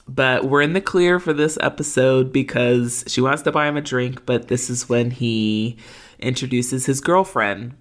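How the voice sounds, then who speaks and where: A woman's voice: rumbling low, unhurried. A woman co-hosting a casual recap chat, with lots of fillers and frequent laughs. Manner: filler-heavy, laughs often. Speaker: podcast co-host.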